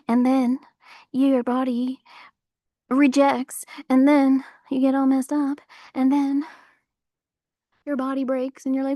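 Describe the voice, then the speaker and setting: A woman's voice: sits high, unhurried, pauses often, dry recording, studio quality. A woman livestreaming outdoors, rambling in casual chat with her viewers and filling her talk with likes and you-knows. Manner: rambling, animated, full of fillers. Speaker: livestream host.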